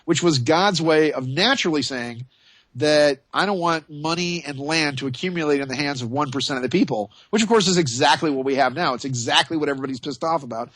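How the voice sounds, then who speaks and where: A man hosts a radio talk show in a loose, joking, rambling way. His voice sits a little high, and the sound is dry and close. He talks casually and drifts from point to point. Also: fairly quick, a bit bright, no echo.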